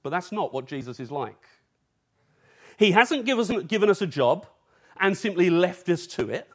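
A man's voice: sits high, sing-song, normal speed. A man from England preaching an evening sermon in an earnest, urgent way, using rhetorical questions.

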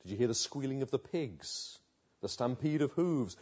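A man's voice: medium pitch, expressive, moderate pace, a little mellow, lo-fi sound. A man preaching a sermon, building vivid pictures through repeated rhetorical questions.

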